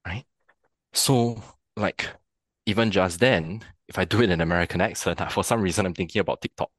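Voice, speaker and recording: A man with a deep, low voice explains his ideas as a podcast guest, thinking aloud and often checking in with the listener. He grew up in Singapore and talks in a reflective, conversational way. The recording is dry and close, with little room sound. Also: fairly quick, no room sound. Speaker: podcast guest, theatre practitioner.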